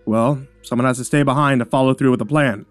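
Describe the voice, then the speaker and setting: Guy putting on a snarky grumpy engineer, bit higher than his normal voice, dry sound. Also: fairly even intonation, fast, no room sound, faint music behind, natural voice. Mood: sarcastic. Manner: sarcastic, curt, exasperated. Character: sarcastic gruff male engineer, middle-aged.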